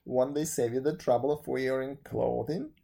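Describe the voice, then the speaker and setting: A man voicing a calm, kindly man who forgives easily and laughs heartily, in a storybook reading. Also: mid-range voice, moderate pace, creaky. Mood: amused.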